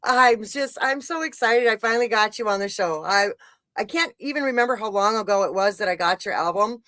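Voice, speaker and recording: A woman's voice: mid-range voice, a little fast, a bit bright, dry recording. A woman hosting a podcast interview, gushing and enthusiastic as she rambles with many restarts. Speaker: podcast host. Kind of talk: casual interview chat.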